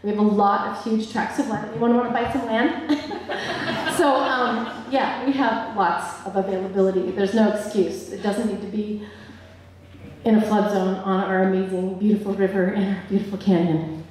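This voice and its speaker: A woman's voice: medium pitch, fairly even intonation, normal speed, darkish tone. A woman speaks with earnest emotion at a public hearing. Her voice carries from a distance across a large, heavily echoing hall with faint background noise. She sounds close to tears but keeps going. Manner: emotional, earnest, laughs nervously. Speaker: public commenter. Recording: echoey hall, voice from far off.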